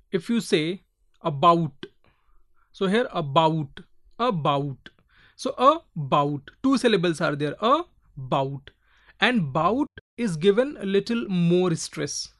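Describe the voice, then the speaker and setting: A teacher giving a recorded pronunciation lecture to learners, spelling out word endings letter by letter and repeating each example word several times. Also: medium pitch.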